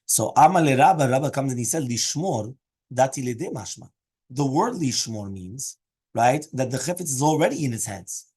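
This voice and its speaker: A man's voice: mid-range voice, lively intonation, moderate pace, a little mellow, slightly rough. A man teaching a daily Talmud class, explaining each Aramaic phrase in English and often checking with "right?" and "okay?". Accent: Hebrew and Aramaic terms mixed into English.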